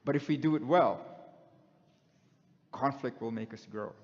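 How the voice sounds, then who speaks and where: A man's voice: medium pitch, a little slow. A middle-aged male preacher giving a conversational sermon and putting questions to the congregation. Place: church hall. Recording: dull sound in a long-echoing hall.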